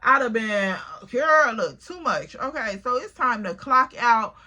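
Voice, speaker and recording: A young woman telling a storytime vlog, animated and slangy, cursing freely and calling her viewers girl. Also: on the high side, a little slow. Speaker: vlogger.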